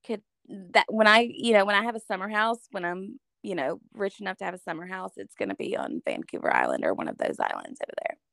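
A woman's voice: medium pitch, very animated, fast talker, vocal fry, hardly any pauses, a bit bright, no echo, clean studio sound. Woman with a Southern US accent. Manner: agreeable, frequent yeses and mm-hmms. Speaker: podcast co-host. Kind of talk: casual chat.

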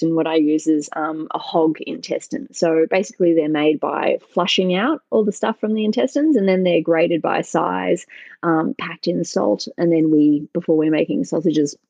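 A chatty woman from Australia whose accent leans a little North American, talking casually and laughing at herself. Her voice is a touch husky, recorded dry and close with a slightly dull, lo-fi sound. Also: fairly low pitch, fairly even intonation, normal speed, mellow, no room sound. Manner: chatty, self-deprecating, laughs often. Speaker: sausage maker and brewer, guest. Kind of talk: casual interview chat.

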